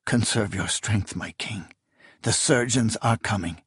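Male narrator playing a loyal sorcerer comforting his king: gentle, soothing, unhurried, audiobook. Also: on the low side, slightly rough, no echo, clean studio sound, full character voice. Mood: tender. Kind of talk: audiobook character reading.

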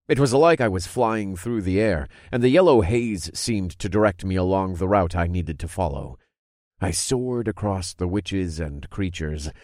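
A man narrating a dark fantasy story in the first person, steady and low-key. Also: no echo, clean studio sound.

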